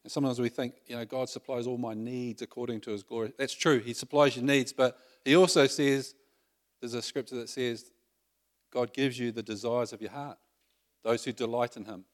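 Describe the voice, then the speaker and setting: A man's voice: mid-range voice, fairly even intonation, normal speed. A man preaching a sermon in a conversational way, often asking the congregation questions.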